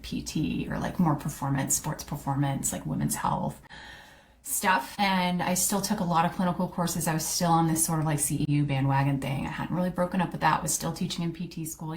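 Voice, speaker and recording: Chatty woman telling her story. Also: low-pitched. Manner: chatty, candid, fillers and quick self-quotes. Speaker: podcast host, coach. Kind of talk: casual personal storytelling.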